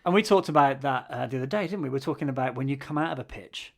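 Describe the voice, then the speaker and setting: Male co-host, gravelly mid voice, dry complaining humor, chatty podcast. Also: medium pitch, rapid-fire. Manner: wry, grumbling humor with frequent restarts. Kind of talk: casual chat.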